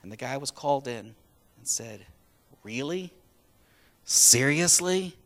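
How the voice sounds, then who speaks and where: A man's voice: medium pitch, moderate pace, a little mellow. A man preaching a sermon, retelling a story in a casual, conversational way. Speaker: pastor.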